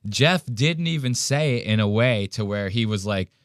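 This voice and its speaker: A man's voice: medium pitch, lively intonation, moderate pace, clear, resonant tone, dry recording, studio quality. A man hosting a podcast, ranting bluntly and profanely in casual commentary. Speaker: podcast host.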